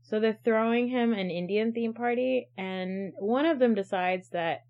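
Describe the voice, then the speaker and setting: A young woman co-hosting a podcast, telling stories in a chatty, animated way full of "like.". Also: fairly high pitch, unhurried, hardly any pauses. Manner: chatty, animated storytelling with many "like" fillers. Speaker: podcast co-host. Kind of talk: casual chat. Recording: dull lo-fi sound.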